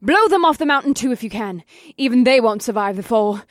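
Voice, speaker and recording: A man voicing a group of fierce, foul-mouthed young witches in a storybook reading, shouting and cursing. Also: very high-pitched, a little fast, dry recording, studio quality, voice pushed up.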